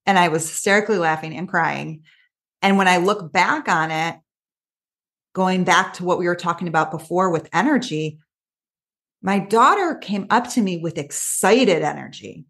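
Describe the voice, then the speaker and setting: A woman coach, a guest on an interview podcast, telling stories in a quick, animated way with lots of asides. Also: lowish voice. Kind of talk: casual interview chat.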